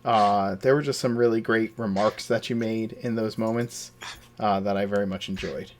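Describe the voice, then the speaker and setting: A man as game master, talking over the session with his players, with pauses and fillers. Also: lowish voice, steady tone, noisy background. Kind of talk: post-session recap chat.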